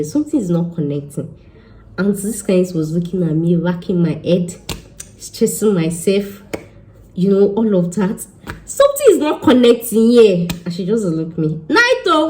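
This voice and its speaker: A woman's voice: medium pitch, darkish tone, rough recording. A young woman with a Nigerian accent, an immigration consultant talking casually and emphatically to her followers, slipping in Yoruba phrases. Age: young adult.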